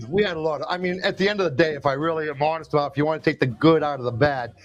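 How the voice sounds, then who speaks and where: A man from New Jersey on a casual podcast, an animated storyteller who acts out his family in quotes. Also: fairly high pitch, fast talker. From New Jersey, USA. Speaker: podcast co-host.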